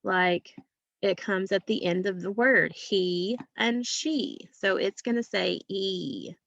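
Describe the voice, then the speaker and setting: A woman's voice: mid-range voice, unhurried, creaky, a bit bright, no echo, highs cut off. A woman teacher giving a phonics lesson to young children, patient and drawing out each sound.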